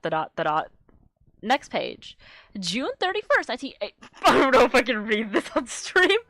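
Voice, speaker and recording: A woman's voice: mid-range voice, a bit bright, no echo. A woman streamer reading her own webcomic aloud, giggly and rambling, swearing casually. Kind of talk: casual live-stream commentary.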